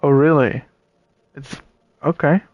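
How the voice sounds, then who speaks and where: A man streaming a puzzle game, thinking aloud with pauses and chatting to viewers, tired and yawning. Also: fairly high pitch, fairly even intonation, no room sound, narrow, tinny audio. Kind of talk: casual let's-play commentary.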